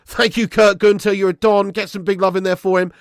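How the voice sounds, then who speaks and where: Excitable man with a gravelly voice. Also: sits high, brisk, no echo, clean studio sound. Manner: excitable, chatty, slangy, buzzing with joy. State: voice going hoarse. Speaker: football watch-along streamer. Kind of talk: live stream chat and match reaction.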